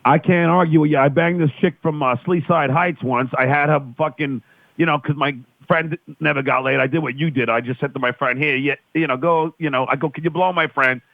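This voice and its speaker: A man's voice: on the high side, fairly even intonation, gravelly, no room sound. A man from New York, a guest calling in by phone, telling raunchy stories in crude banter. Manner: raunchy, storytelling, quick denials. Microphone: phone line. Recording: tinny phone line.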